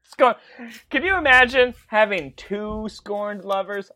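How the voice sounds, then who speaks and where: A man co-hosting a podcast, chatting casually and excitedly while watching wrestling, joking and laughing often. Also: sits high, takes it slowly. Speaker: podcast co-host.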